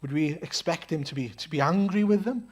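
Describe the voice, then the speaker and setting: Preaching a sermon in a church, a man with a voice a little higher than most men's speaks earnestly and fairly quickly, with a slightly mellow tone. He asks rhetorical questions and often stumbles over fillers and repeated words while working through his points.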